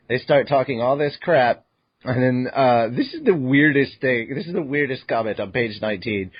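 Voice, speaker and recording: A man's voice: mid-range voice, lively intonation, fairly quick, husky, no room sound, dull audio. A man hosting a podcast who recaps a manga chapter in casual chat, acting out his own reactions and swearing freely. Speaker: podcast host.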